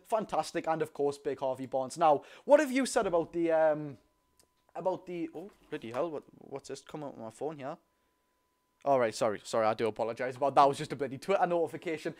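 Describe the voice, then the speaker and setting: A young man with a Geordie accent chatting casually and animatedly to viewers on a live football watchalong stream. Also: a little high. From North East England. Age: young adult. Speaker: football fan YouTuber hosting a live watchalong.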